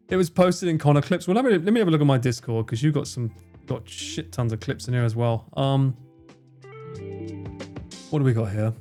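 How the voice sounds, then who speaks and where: A man's voice: mid-range voice, animated, moderate pace, pauses often, warm tone. Guy streamer chatting live, giggly and sweary, voice jumps all over the place, bit of music behind. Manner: giggly, swears freely, reacts to chat. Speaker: livestream host. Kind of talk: casual live-stream chat.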